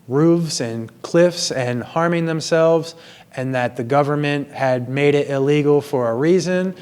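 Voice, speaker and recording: A man in an earnest, apologetic personal monologue, speaking slowly and in a measured way, recorded in a gym. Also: on the high side. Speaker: vlogger sharing personal confessions.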